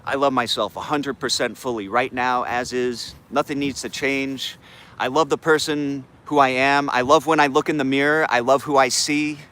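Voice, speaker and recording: A man's voice: mid-range voice, fairly even intonation, normal speed, fairly bright tone. A man hosting a live morning affirmation stream, talking in laid-back slang and greeting chat viewers by name. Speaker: livestream host.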